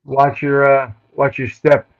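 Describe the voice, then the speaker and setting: A man's voice: medium pitch, completely flat delivery, slow, no echo. Dry-humored man in his fifties, lo-fi sound. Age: 50s. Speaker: guest bass player. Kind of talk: casual interview chat.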